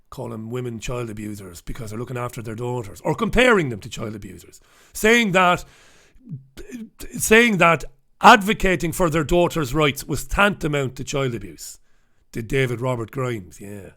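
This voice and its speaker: This UK host delivers a scathing, sweary newspaper review, tearing into the day's stories with sarcasm. He sounds a little high, bright and forceful, speaking expressively at a moderate pace.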